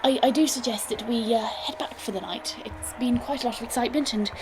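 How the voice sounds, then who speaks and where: A woman's voice: a little high, fast, background noise, voice pushed up, close to an everyday voice. A woman voicing Esther, a genteel, polite companion who speaks in a prim, hesitant way. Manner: prim, hesitant, well-mannered.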